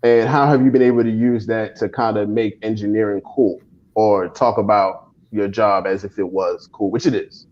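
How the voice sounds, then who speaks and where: Low-voiced man on a dull line. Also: steady tone, normal speed. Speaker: host. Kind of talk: interview questions.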